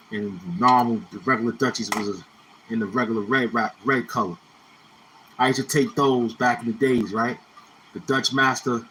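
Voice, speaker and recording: A man rambles through laid-back stories in thick street slang. He keeps circling back to the same phrases as he reminisces. His voice is bright and forward at a middle pitch, with a faint hum behind it. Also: low-quality recording. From Brownsville, Brooklyn, New York. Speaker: YouTuber. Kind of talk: casual storytelling monologue.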